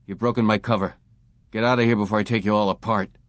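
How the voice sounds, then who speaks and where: A man's voice: lowish voice, steady tone, quick pace, dry recording, lo-fi sound, natural voice. A man doing a harsh, grating drugged clerk. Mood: hostile. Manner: grating, drawling hostility.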